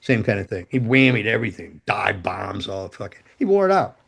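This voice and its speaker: An older man, a former rock roadie, telling stories as a podcast guest in a loose, profane, animated way. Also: lowish voice, a little fast, vocal fry, breathy edge. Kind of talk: casual storytelling interview.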